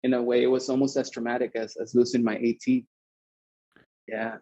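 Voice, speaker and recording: Homem rouco contando história animada. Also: male voice, medium pitch, fairly quick, muffled recording. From Mexico. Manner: animated, swearing, acts out both sides of the story. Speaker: podcast guest. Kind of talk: casual storytelling.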